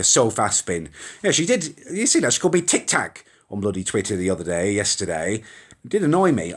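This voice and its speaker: A man's voice: medium pitch, husky. A young man hosting a casual live stream, rambling and reading out viewer comments with mild swearing. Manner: chatty, rambling, mild swearing, reacts to comments as they scroll. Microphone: phone or webcam live stream.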